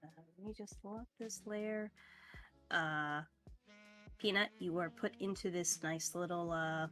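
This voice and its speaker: A woman narrating a tabletop game as game master, talking in a relaxed way with fillers and laughs. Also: lowish voice, measured pace, faint music behind.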